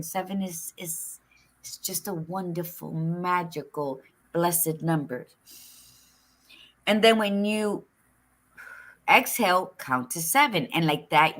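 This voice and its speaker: A middle-aged woman co-hosting a casual talk show, chatting in an expressive, frank and folksy way, with Spanish words mixed in. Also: medium pitch. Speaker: podcast co-host. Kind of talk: casual chat.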